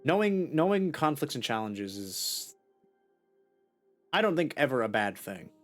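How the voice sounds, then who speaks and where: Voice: medium pitch, very animated, unhurried, faint music behind. Chatty streamer thinking aloud. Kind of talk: casual let's play commentary.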